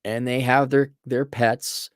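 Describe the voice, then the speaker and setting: A man's voice: flat delivery, slow pace, clean tone, dry recording, clean studio sound. Blunt sardonic man on a livestream. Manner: blunt, sardonic, mocks in falsetto voices. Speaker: livestream host reading viewer donations. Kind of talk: casual livestream commentary.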